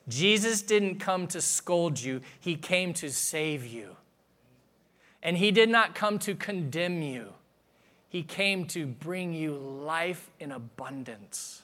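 A man preaching a sermon in a casual, conversational tone, with a voice sitting a touch high for a man. He talks straight to the congregation with questions, then slows down for firm, emphatic lines. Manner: conversational, asks the audience questions, swings from soft to emphatic. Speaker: pastor.

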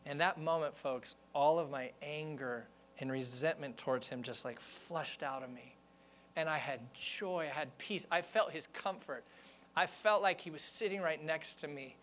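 Pastor guy preaching, kinda high voice, chatty and earnest, talks right to the crowd. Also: normal speed, a bit bright, slight background noise. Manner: conversational and earnest, speaking to the congregation directly. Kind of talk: sermon.

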